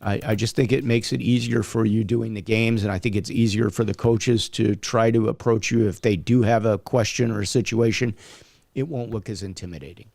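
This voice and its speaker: A man's voice: lowish voice, a little fast, gravelly, no room sound. A man co-hosting a hockey referee talk show, giving advice in a casual, conversational way with lots of fillers. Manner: conversational, many fillers, animated when quoting people. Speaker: podcast co-host, hockey referee.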